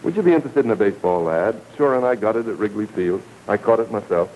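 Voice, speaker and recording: A genial, portly old Irish policeman with a thick brogue, coaxing and good-natured, in a lowish voice, as a male storyteller puts him on. He talks in a homely, chuckling way, with a faint hiss under an old recording. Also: lively intonation, quick pace, muffled recording, lightly acted. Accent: Irish brogue, put on. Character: jovial portly old Irish beat cop.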